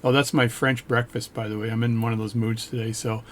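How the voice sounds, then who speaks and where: Speaking a little fast with hardly any pauses, this man talks in a flat, medium-pitched voice. He repairs watches and is casually reviewing a book for the camera, rambling, joking on the side, and breaking off his own sentences.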